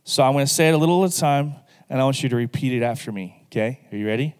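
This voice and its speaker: A male pastor delivering a sermon in a church sanctuary, his voice smooth and resonant. He talks earnestly and directly to the people in front of him, then leads them line by line in prayer. A long hall reverb trails behind his words. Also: mid-range voice, racing, darkish tone.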